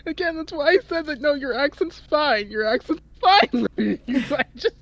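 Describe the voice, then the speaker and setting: A woman's voice: high-pitched, animated, moderate pace, no echo, muffled recording. A woman chatting casually who laughs often and trails off while searching for words. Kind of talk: casual group chat.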